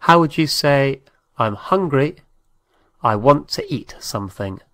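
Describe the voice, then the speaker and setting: A man's voice: mid-range voice, animated, measured pace, fairly bright tone, no echo. A man giving a patient language lesson, spelling out words letter by letter. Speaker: Spanish teacher.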